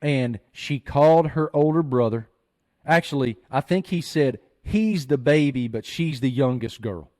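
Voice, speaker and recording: A man hosting a podcast, telling a story in an earnest, animated way. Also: medium pitch, unhurried. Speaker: podcast host. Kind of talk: storytelling chat.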